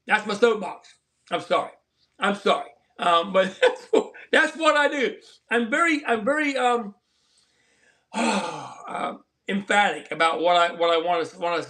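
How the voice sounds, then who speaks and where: Unhurried yet animated, the southern Colorado livestream host speaks in a high-pitched, pushed, bright voice. He chats casually with viewers, wandering off on tangents and sounding sincere and a little sermonizing.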